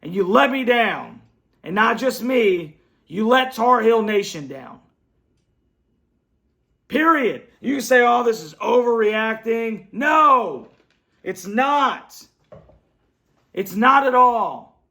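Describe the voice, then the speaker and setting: A man's voice: very high-pitched, sing-song, slow, creaky, long pauses, bright, forceful tone. A man hosting a fan show, ranting bluntly and repetitively in frustration after a loss, speaking from his computer at home. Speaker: sports fan show host. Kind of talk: angry post-game rant. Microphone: computer setup.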